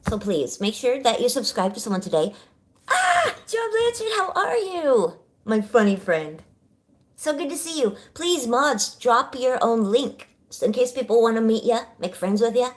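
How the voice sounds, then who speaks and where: A woman's voice: on the high side, expressive, moderate pace. A middle-aged woman from California hosting a casual home livestream, bubbly and chatty, greeting viewers by name and laughing often. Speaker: livestream host. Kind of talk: casual live chat.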